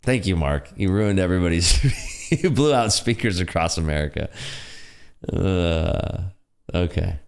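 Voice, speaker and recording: Male livestream host, deep voice that swings up and down a lot, loose jokey chatter, frequent laughter. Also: expressive, unhurried, gravelly, clear, resonant tone. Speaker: day-trading livestream host. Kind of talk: live trading commentary chat. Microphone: desk computer streaming setup.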